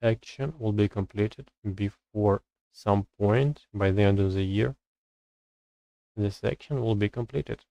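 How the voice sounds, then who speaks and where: Thinking out loud on a live stream, a man reads English grammar rules and works through exercises, pausing hesitantly as he gropes for words. The voice is lowish and gravelly, and the rough recording has no room sound.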